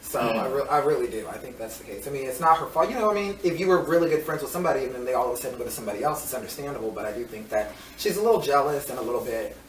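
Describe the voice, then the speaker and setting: Gossipy fast-talking woman. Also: very deep voice, animated, a little hiss or hum. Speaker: reality show cast member. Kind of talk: reunion panel talk. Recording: echoey room, far off.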